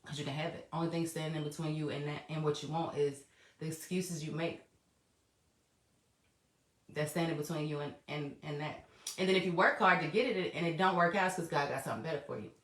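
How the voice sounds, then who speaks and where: A low-voiced, brisk woman delivers a casual solo podcast monologue, addressing listeners directly, cursing freely and laughing often. Her recording, made on a laptop or voice memo, has an echoey room sound.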